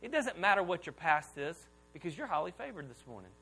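A man in his thirties preaching a sermon as pastor to a church congregation, casual and animated, leading the room in call-and-response. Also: a little high, fairly quick, vocal fry, slightly rough. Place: church auditorium before a congregation.

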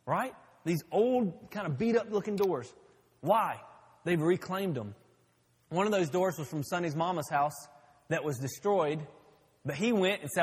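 A man's voice: high-pitched, expressive, unhurried, breathy edge, long reverb tail. A man preaching a sermon as pastor, telling stories in a folksy way. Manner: folksy storytelling.

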